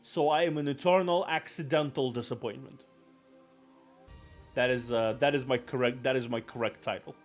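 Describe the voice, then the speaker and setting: A man's voice: mid-range voice, normal speed, faint music behind. A man chatting casually on a live stream, rambling and self-deprecating, apologizing often.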